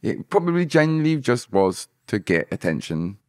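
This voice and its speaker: A man's voice: medium pitch, very animated, moderate pace, no echo, studio quality. A man guest on a podcast, talking emphatically and repeating himself. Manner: emphatic, repeats phrases like "hundred percent". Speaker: musician guest. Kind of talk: podcast conversation.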